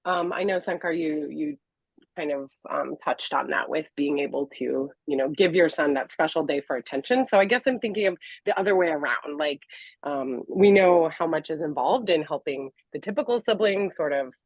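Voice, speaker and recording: A woman's voice: low-pitched, breathy edge, dry recording. A woman moderating a panel, posing a question hesitantly with many fillers. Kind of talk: roundtable discussion. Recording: dry, muffled audio.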